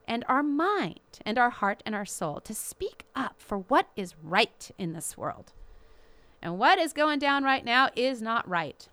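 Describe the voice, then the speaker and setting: Fiery, bright-voiced woman host. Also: fairly high pitch, clean tone, no room sound. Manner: indignant, emphatic, drawn-out stresses. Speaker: radio show host. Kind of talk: impassioned commentary monologue.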